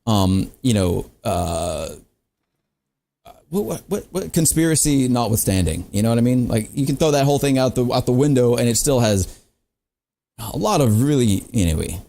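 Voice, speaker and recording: A man joins a casual panel chat as a guest. He rambles and jokes, leaning on fillers. His voice moves lively up and down. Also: medium pitch, normal speed, gravelly. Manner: joking, rambling, full of fillers.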